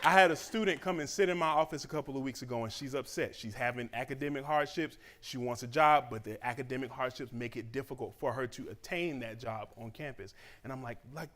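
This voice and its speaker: A man from Southeast Georgia, giving a lively, conversational motivational speech at a church graduation celebration. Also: medium pitch, brisk, hardly any pauses. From Southeast Georgia, USA. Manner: animated and conversational, acting out quoted voices.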